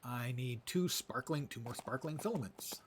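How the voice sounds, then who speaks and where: Man, game streamer, wry asides, medium pitch, faint hiss and clicks. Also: normal speed. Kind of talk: live game commentary.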